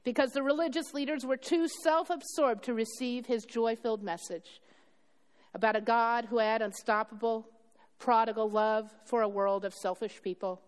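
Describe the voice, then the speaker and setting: A woman's voice: fairly high pitch, fairly even intonation, normal speed. A woman pastor delivering a sermon, retelling a story with acted dialogue and questions to her congregation. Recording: long hall reverb.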